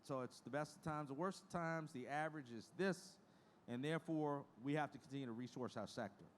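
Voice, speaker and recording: A man's voice: a little high, brisk, a little hiss or hum. Frank, folksy man giving a keynote. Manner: frank, folksy, emotional storytelling. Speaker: association leader giving a presentation. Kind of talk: conference keynote speech. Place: conference stage.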